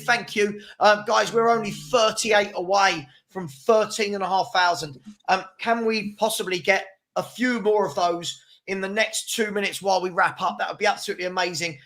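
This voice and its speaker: A man's voice: high-pitched, fairly even intonation, normal speed, few pauses, fairly bright tone. A man hosting a casual live football chat, arguing his points and urging viewers to subscribe. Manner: chatty, argumentative, keeps urging viewers to subscribe. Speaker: channel host.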